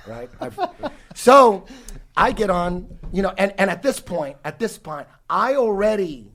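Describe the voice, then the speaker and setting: Expressive and fairly bright, his high-pitched voice moves at a moderate pace. A podcast guest in his forties, he rambles through a long, foul-mouthed story in casual conversation, repeatedly starting over.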